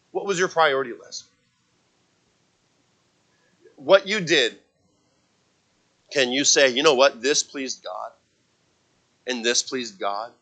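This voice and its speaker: Bright-voiced emphatic male preacher. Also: medium pitch, husky, low-quality recording. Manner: emphatic preaching, rising and falling loudness, quotes scripture. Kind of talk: sermon.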